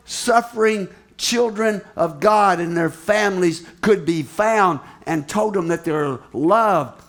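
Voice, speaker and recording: An older man preaching a sermon and telling a story, dropping to a hush and then rising to loud, emphatic lines. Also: high-pitched, slow, hardly any pauses. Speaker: missionary speaker.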